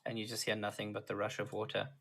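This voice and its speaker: A man narrating as game master of a tabletop game, explaining rules in a relaxed way and laughing easily. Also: lowish voice, fast, gravelly.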